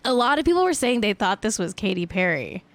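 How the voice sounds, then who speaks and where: A woman's voice: mid-range voice, sing-song, fast. Young woman, gossip show host, giggly, casual live-stream chatter.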